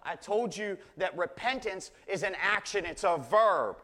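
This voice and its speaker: A man preaching a sermon in an earnest way, often repeating words as he restarts phrases and slowing right down to stress key points. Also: high-pitched, expressive, pushed and bright.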